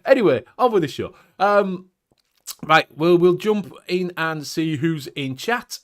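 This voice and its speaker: A man hosts a casual livestream with a lively, bouncing delivery and a slightly high voice. He jokes, swears freely and greets viewers one by one. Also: a little slow. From United Kingdom. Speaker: host.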